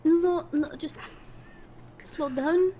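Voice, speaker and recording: A woman's voice: very high-pitched, drawn-out words, over a noisy crowd, low-quality recording. A woman playing a tabletop game, describing her character casually and swearing as she laughs. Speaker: player. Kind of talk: tabletop role-play chat.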